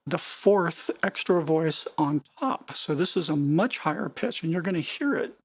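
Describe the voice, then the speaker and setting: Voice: medium pitch, lively intonation, unhurried, husky. A music production tutor walking through synth settings in a casual, explanatory way, often repeating words and correcting themselves mid-sentence. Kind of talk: screen-recorded software tutorial.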